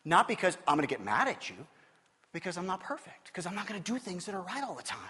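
A middle-aged male pastor preaches with a high-pitched voice. He tells stories with lively swings between booming and hushed delivery. His voice carries a long reverb from a church hall. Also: fast talker, husky. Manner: animated storytelling, swinging between loud and quiet. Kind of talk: sermon.

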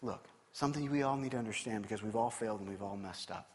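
A man preaching a sermon as pastor, telling stories with animated swings between loud emphasis and hushed, quiet passages. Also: lowish voice, fast, in a large hall.

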